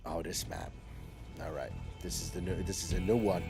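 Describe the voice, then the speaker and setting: A man's voice: low-pitched, steady tone, normal speed, music in the background. A middle-aged man chatting casually while he streams a game as host, often repeating himself and asking "okay?". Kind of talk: casual live gameplay commentary.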